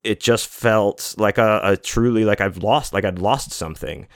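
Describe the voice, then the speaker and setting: Rambling low-voiced man podcasting. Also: moderate pace, no room sound, clean studio sound. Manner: rambling, profane, many restarts and fillers. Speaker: podcast host. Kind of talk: casual monologue.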